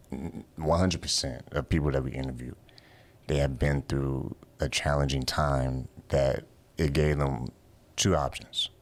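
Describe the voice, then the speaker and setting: A man, a faith radio host appearing as a guest, speaking earnestly and encouragingly in a podcast interview. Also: a bass voice.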